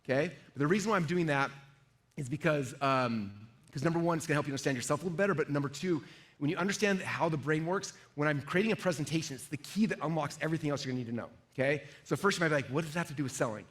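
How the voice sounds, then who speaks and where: A middle-aged man runs a live sales seminar, talking quickly in a slightly raised voice. He keeps checking in with the crowd and acts out the voices inside people's heads. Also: a little high. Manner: energetic, asks the audience questions, acts out inner voices. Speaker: sales trainer. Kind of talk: live seminar talk to an audience.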